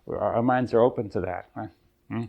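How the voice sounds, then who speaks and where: An older man leading a seminar, thinking aloud in a halting, searching way and often checking in with his listeners. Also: on the low side, vocal fry, dull audio. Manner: thoughtful, halting, often checks in with "right?" and "you see". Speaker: seminar leader. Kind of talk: exploratory seminar talk. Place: seminar room.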